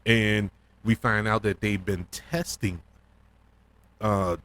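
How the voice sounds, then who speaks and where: A man hosting a casual solo review podcast, talking in an excitable, rambling way with plenty of fillers and restarts. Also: fairly low pitch, slow, a little hiss or hum. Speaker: podcast host reviewing a TV episode.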